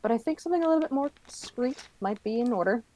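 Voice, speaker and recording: A woman's voice: on the high side, animated, fast talker, warm tone, a little hiss or hum, close to an everyday voice, poor audio. Wry adventurer woman, as a woman puts her on. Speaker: tabletop player.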